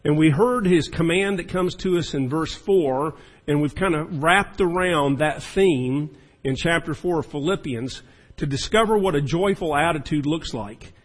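A man's voice: a little high, low-quality recording. A man preaching a sermon as the pastor, in a folksy and chatty storytelling manner.

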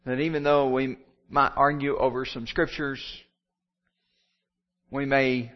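A man preaching to his congregation in a steady mid-range voice. He builds his points through repeated phrases that rise and fall. The recording sounds muffled and lo-fi. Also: mid-range voice, slow. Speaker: pastor. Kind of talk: sermon.

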